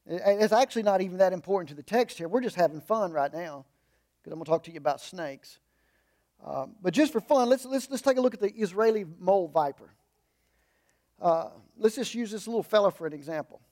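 A man preaching a conversational sermon. He explains in a folksy way with humorous asides, and he moves between emphatic raised lines and low, quiet remarks. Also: lively intonation, a little fast.

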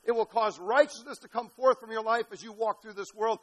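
A man preaching an impassioned sermon, building to shouted peaks and dropping to quiet, low passages. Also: brisk, poor audio. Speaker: pastor.

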